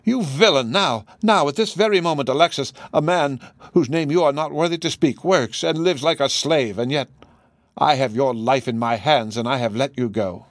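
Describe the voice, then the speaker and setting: A man's voice: medium pitch, moderate pace, no echo, studio quality, close to an everyday voice. A man reading the lines of a proud, desperate Russian woman, in an impassioned, accusing manner. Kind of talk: audiobook dialogue reading.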